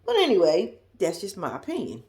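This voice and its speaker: A woman's voice: lowish voice, huge pitch swings, fairly quick, a little mellow. A woman with a Southern US accent giving a blunt, sassy, laughing casual commentary as a vlogger. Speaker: reality TV recap vlogger.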